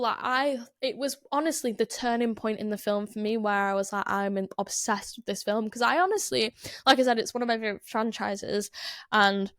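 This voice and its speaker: A woman's voice: on the high side, fairly quick, fairly bright tone, no room sound, studio quality. Chatty young Northern English woman. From Northern England. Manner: chatty, rambling, many "like" fillers, self-interrupting. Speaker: podcast host. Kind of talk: casual chat.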